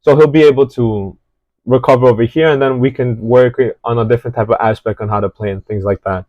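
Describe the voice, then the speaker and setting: Man, mid pitch, casual football reaction host, rambling and hesitant, dry muffled home sound. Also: steady tone, a little fast, no echo. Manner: rambling, hesitant, many fillers and restarts. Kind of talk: casual match analysis.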